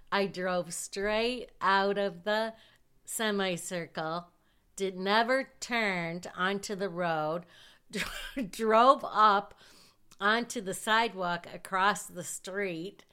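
A woman's voice: mid-range voice, drawn-out words, sharp tone, clear, resonant tone. A middle-aged woman from Michigan telling a casual personal story, self-deprecating and often laughing as she talks.

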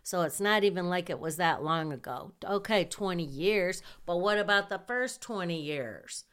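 A middle-aged woman telling a personal story in a casual way, animated, laughing as she goes and acting out her own lines. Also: fairly low pitch, moderate pace, clear, resonant tone. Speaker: storyteller recounting nursing school.

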